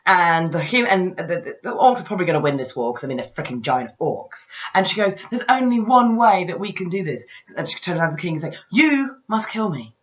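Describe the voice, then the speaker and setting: A woman's voice: fairly low pitch, lively intonation, quick pace, hardly any pauses, muffled recording. A woman chatting casually and sarcastically while she retells a film plot with mocking voices. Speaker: co-host reviewing a film. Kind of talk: casual chat.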